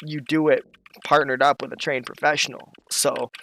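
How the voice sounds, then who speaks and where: A man, co-hosting a casual podcast chat, blunt and animated with lots of swearing. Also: medium pitch, normal speed, vocal fry, slight background noise, poor audio. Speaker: podcast co-host.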